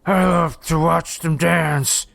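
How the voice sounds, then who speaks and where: A man voicing a hideous shape-shifting monster who speaks in a slow, gurgling, raspy Texas drawl. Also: on the high side, steady tone, a bit bright, no room sound, pitched above the performer's own voice, exaggerated voice. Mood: menacing.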